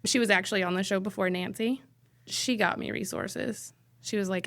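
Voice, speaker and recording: A woman paramedic appears as a guest on a casual podcast interview, candidly and bluntly sharing stories from her work. Her mid-range voice is fairly bright and at normal speed, with no room sound.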